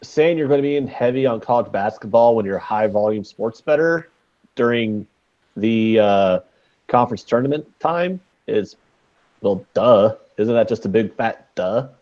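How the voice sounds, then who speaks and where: A man's voice: lowish voice, animated, moderate pace, muffled recording. A man co-hosting a casual sports betting podcast, rambling and joking with lots of fillers. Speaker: podcast co-host.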